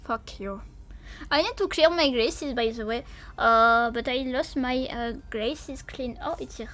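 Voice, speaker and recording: A high-pitched woman chatting casually with her stream viewers, playful and goofy, with a lot of cursing. She speaks at an unhurried, drawn-out pace and sounds a little sleepy. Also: a bit bright. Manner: playful, silly, swears often, talks to chat. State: sleepy, yawning. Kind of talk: casual livestream chat.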